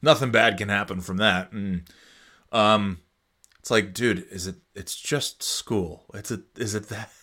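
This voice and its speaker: A man's voice: on the low side, unhurried, bright, forceful tone. A man in his forties chatting casually and alone as a podcast host, rambling and sarcastic, slipping into silly voices. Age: 40s. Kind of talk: casual solo chat.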